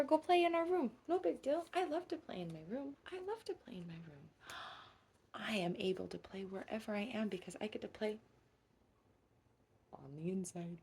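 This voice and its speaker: Woman doing a husky, whispery little frog. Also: medium pitch. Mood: playful. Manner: soft, breathy gasps and whispers, singsong. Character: playful childlike female frog, gentle and affectionate. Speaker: children's storyteller. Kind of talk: whispered role-play.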